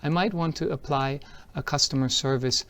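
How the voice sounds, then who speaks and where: A man's voice: mid-range voice, steady tone, moderate pace, fairly bright tone. A man presenting an upbeat product demo. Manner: upbeat, explanatory, walks through steps as he shows them. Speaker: presenter at a tech conference.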